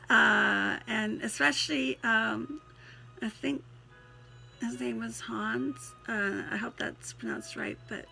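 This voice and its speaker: A woman with a Tennessee twang, reciting her poetry and then chatting folksily to her viewers, her voice going hoarse. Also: a little high, slow pace, long pauses, sharp tone, faint music behind. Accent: Tennessee Southern twang. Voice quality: folksy, affectionate, calls listeners hon. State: losing her voice. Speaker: Christian poet and vlogger. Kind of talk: poetry recitation and casual chat to camera.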